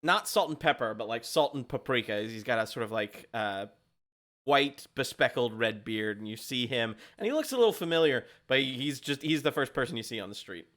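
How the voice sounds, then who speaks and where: A man's voice: medium pitch, expressive, brisk, a bit bright. A man narrating as game master of a tabletop game, loose and giggly with lots of fillers.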